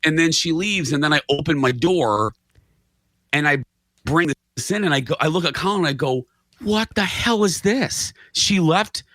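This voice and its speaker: Animated, bright-voiced male storyteller. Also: a little high, moderate pace, dry recording, clean studio sound. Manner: animated storyteller, acts out his own reactions. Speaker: guest, radio and TV host. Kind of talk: casual chat, storytelling.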